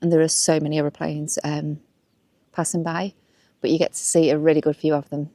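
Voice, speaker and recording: A young woman from north-west England vlogs to camera as she walks along a waterside path outdoors, cheerful and quick to laugh. Her voice is low and dark, with a level tone and a fairly quick pace, and there's no echo.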